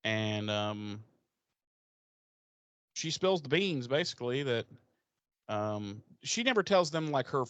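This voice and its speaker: A man co-hosting a podcast, retelling an episode in casual, profane, animated chat. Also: medium pitch, slow pace, long pauses, clean tone, dry recording. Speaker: podcast co-host.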